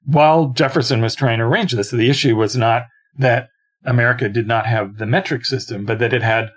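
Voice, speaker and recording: A man's voice: mid-range voice, fairly even intonation, fairly quick. Dry-voiced man adding historical facts. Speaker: podcast co-host. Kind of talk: casual history chat.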